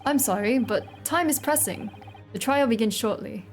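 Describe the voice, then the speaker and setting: A woman's voice: a little high, expressive, moderate pace, faint music behind, lightly acted. A woman voicing a stern, commanding male British chief judge with an attempted British accent, clipped and formal. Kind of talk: reading game dialogue aloud.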